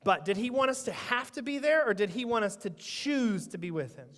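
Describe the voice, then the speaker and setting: A man's voice: high-pitched, lively intonation, brisk, a bit bright. A man leading a playful children's sermon in church, teasing and quizzing the kids. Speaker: children's pastor. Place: church sanctuary. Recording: echoey church sanctuary.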